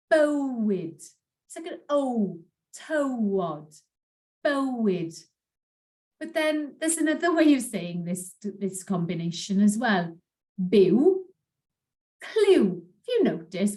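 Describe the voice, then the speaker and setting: Woman, language teacher, mellow tone, very lively pitch, repeats words for learners. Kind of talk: pronunciation lesson.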